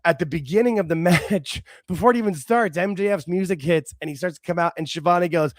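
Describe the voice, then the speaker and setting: A man co-hosting a casual wrestling talk show, excitable, talking in quick bursts with laughs and restarts. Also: high voice, no room sound, clean studio sound. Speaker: podcast co-host.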